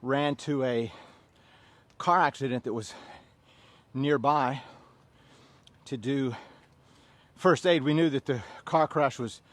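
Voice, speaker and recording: A man's voice: medium pitch, slow, pauses often, no room sound. Fifties man barking workout counts. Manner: joking, counting reps in loud bursts. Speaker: fitness instructor. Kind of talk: leading a workout class.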